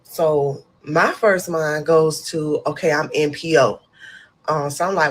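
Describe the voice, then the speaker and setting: A young woman with a somewhat low voice tells her own story straight to the camera. She speaks candidly and acts out the lines she once said. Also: moderate pace, slight background noise. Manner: candid, animated storytelling with vivid retelling. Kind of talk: storytime monologue.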